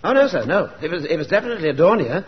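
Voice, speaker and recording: An actor playing a polite, diffident chief clerk in a radio comedy, recorded with a muffled sound. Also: male voice, fairly high pitch, sing-song, rapid-fire. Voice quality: diffident, vague. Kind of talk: 1970s radio comedy acting.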